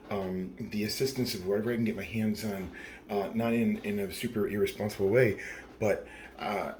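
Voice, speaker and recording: A man's voice: on the low side, slight background noise. A very tired man in his thirties rambling through a late-night confessional vlog, profane and full of fillers. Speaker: vlogger.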